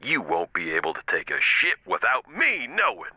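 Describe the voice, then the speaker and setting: An actor playing a loud, crude and boastful man who argues and makes threats on a phone call in a game. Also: lowish voice, huge pitch swings, moderate pace, breathy edge, no echo, full character voice. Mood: brash.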